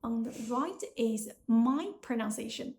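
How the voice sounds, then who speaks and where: Young woman, chinese accent, high voice, echoey room, slow careful teaching. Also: lively intonation, vocal fry, darkish tone. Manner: slow, careful, deliberate explanation. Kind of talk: pronunciation lesson.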